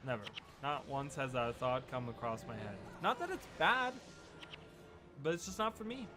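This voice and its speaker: A man's voice: medium pitch, sing-song, normal speed. Chatty rambling man over game music. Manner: rambling, chatty, many restarts. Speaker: gaming video creator. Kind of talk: casual gameplay commentary. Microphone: USB desk microphone.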